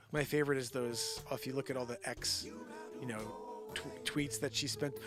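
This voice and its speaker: A man's voice: medium pitch, fairly even intonation, measured pace, over music. A man hosting a live show and rambling jokily, often sliding into impressions. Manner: rambling, jokey, slips into impressions. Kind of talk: improvised comedic livestream rambling.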